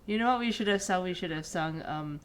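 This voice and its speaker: A woman's voice: lowish voice, a little fast, slight background noise. A woman co-hosting a let's play stream, chatting and reading the game's narration aloud in an easy, slightly tired way. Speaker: streamer co-host.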